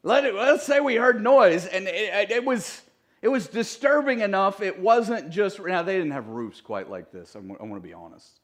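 A man's voice: sits high, lively intonation, moderate pace. Conversational man preaching a sermon. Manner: conversational, joking asides to the congregation. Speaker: pastor. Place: church sanctuary.

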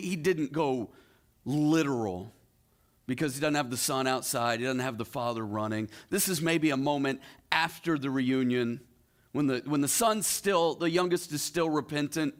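A male pastor preaching a sermon, retelling a story with rhetorical questions and dramatic pauses. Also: a little high, very animated.

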